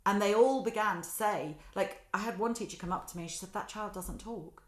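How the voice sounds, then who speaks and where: A woman, a guest telling animated stories in a casual podcast chat. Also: medium pitch, quick pace. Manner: animated storytelling, quotes others in lively voices. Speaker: guest, children's author. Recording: roomy echo.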